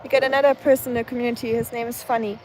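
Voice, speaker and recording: A woman's voice: on the high side, flat delivery, very fast, a little mellow, slight background noise, poor audio. A young woman from Germany with a German accent, chatting casually and laughing often as she walks her dog outside on a live stream. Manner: chatty, laughs often, reads and answers chat. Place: outdoors, walking a dog.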